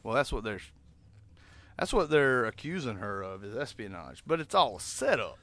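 A man in casual movie chat, animated, weighing in on a sequel. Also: mid-range voice, moderate pace, no echo. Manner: animated, bursts into scat sounds.

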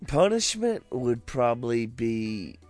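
A man's voice: mid-range voice, sing-song, takes it slowly, a little mellow, faint music behind. A man co-hosting a casual chat, swearing freely, laughing often and acting out quoted lines.

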